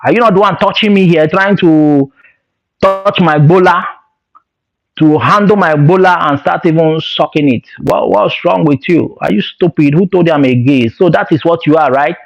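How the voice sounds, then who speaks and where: A blunt young student snaps back in Nigerian Pidgin, as a man acts him out. He sounds exasperated and defiant, his voice pushed high. The recording is dull and lo-fi. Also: moderate pace, creaky. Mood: angry. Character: startled young male student, angry and defiant.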